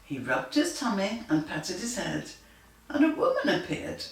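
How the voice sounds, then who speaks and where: A British woman reads her own picture book aloud to children, slow and animated, with playful sound effects, character voices, and lively animal and machine noises. Her voice is medium in pitch and sits far from the mic in an echoey room.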